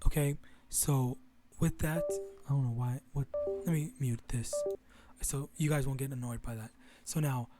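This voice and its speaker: A man's voice: medium pitch, steady tone, moderate pace, over loud music. A young man talking casually to his viewers in a rambling way, with many restarts and some swearing. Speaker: religious vlogger. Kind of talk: casual monologue to camera.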